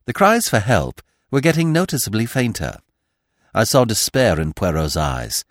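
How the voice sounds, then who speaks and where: Low-voiced man reading a classic story. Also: very animated, moderate pace, no room sound, studio quality. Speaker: podcast narrator. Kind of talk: scripted audiobook narration.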